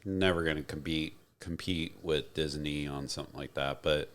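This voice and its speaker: A man co-hosting a podcast in casual chat, retelling conversations in a relaxed, agreeable way. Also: a bass voice, normal speed, slight background noise. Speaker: podcast co-host.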